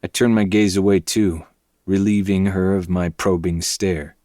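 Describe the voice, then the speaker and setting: A man reading a dark novel aloud in first person, with low, intense, brooding delivery. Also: fairly even intonation, measured pace, dry recording, studio quality. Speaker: podcast host reading a novel.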